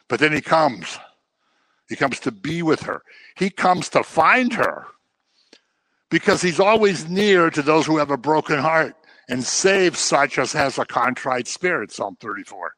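A man's voice: a little high, animated, a little slow, fairly bright tone, dry recording. A man teaching the Bible in a conversational way, telling the stories and acting out the people he quotes. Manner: informal, with fillers and restarts. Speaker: preacher.

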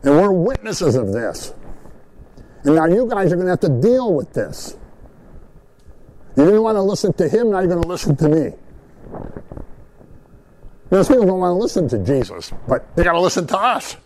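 On a rough recording with a slight hiss or hum, a man with a high voice gives an animated, conversational Bible sermon to a group at a moderate pace, leaving long pauses. He keeps asking "right?" and performs the voices of those he quotes.

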